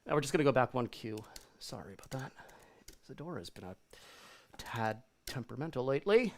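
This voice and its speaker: Exasperated male performer, lively pitch. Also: brisk, slight background noise. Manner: exasperated, apologetic and swearing. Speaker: stage performer. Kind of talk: live-streamed theater performance. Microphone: video call.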